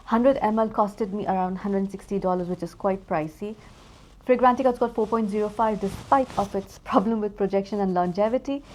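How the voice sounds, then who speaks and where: A woman's voice: mid-range voice, a little fast, darkish tone, a little hiss or hum. A woman chatting casually through a perfume review, rambling and easily distracted.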